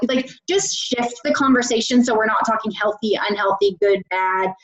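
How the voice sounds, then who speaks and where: A woman's voice: a little high, brisk, few pauses. A woman dietitian coaching parents on a live call, chatty, with many "like"s and restarts. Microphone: video call. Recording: roomy, muffled call audio.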